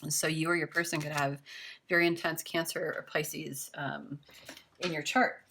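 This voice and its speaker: A woman's voice: sits low, level tone, moderate pace, fairly bright tone, slight background noise. A young woman giving a casual tarot reading, chatty and reassuring, with lots of filler words. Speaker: tarot reader.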